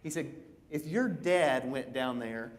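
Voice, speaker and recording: Animated man preaching in church. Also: medium pitch, slow pace. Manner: conversational, repeats "right?" often; animated, acts out begging in a raised voice. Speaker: pastor. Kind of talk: sermon. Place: church auditorium.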